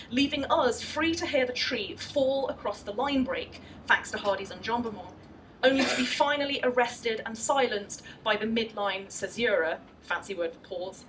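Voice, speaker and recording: Woman, high voice, formal poetry lecture, expressive verse reading, heard from afar, faint hiss. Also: far from the mic, low-quality recording. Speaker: literary scholar giving a lecture. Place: lecture venue at a festival.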